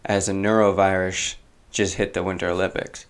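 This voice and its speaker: A man with a low voice joins a casual podcast conversation. He delivers news and jokes in a dry, deadpan manner. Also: normal speed. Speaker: podcast co-host.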